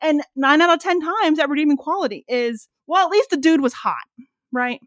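This woman in her thirties co-hosts a podcast and chats casually while recapping a movie. Her voice is high-pitched with lively intonation at a normal speed, and there's no room sound. She rambles, uses lots of fillers, and swears freely.

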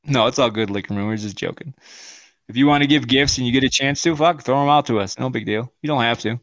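A man's voice: medium pitch, fast talker, fairly bright tone, no echo, highs cut off. A married man co-hosting a podcast, chatting casually with heavy swearing and frequent laughter. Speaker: podcast co-host. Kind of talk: casual profane chat.

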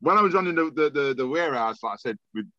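A man with a London accent tells a long story as a guest on a podcast, speaking at medium pitch and a quick pace. He's animated, acting out other people's voices and often stammering as he restarts sentences. The audio is dull but has no echo.

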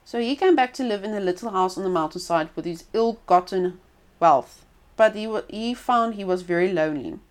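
A woman reading a folk tale aloud as storyteller, expressive with small stumbles and restarts. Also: medium pitch, moderate pace.

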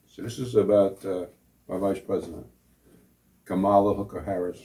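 A man's voice: deep voice, steady tone, moderate pace, dark tone. Man mocking politicians, off-mic. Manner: mocking, sarcastic, laughs at his own jokes. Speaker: co-host. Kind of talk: casual political talk show banter. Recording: voice from a distance off the mic.

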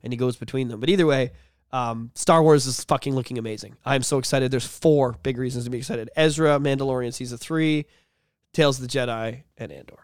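A man co-hosting a casual podcast, chatting loosely, swearing freely and slipping into quick impressions of film characters. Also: mid-range voice, smooth, no echo, clean studio sound. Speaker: podcast co-host. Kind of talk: casual chat.

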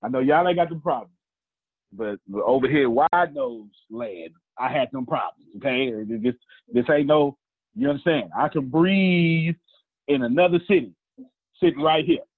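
A man tells personal stories in a casual, joking style, throwing in preacher-like asides to his listeners. His voice is husky and a little rough at mid pitch. It sounds thin and tinny, like a phone call. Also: expressive, normal speed. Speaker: motivational speaker. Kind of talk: casual storytelling talk. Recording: phone-like lo-fi line.

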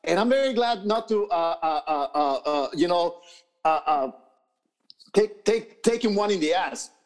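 A man's voice: sits high, lively intonation, unhurried. A man co-hosting a podcast in casual, profane chat, rambling with many fillers and restarts. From New York. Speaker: podcast co-host. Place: podcast studio.

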